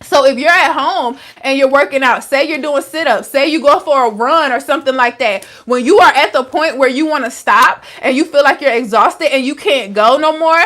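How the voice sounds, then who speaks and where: High-voiced woman, frank chatty coach. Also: moderate pace, few pauses, fairly bright tone. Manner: frank and chatty, with frequent "like" and slang. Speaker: wellness coach. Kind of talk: casual live-stream talk answering viewers.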